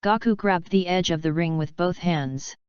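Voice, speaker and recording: A woman reads a fanfiction story aloud in a steady, even narrating voice. Her voice sits a little low and sounds very smooth and clean. The recording is dry and a bit dull. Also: moderate pace, no room sound. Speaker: audiobook narrator. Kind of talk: reading a fanfiction audiobook.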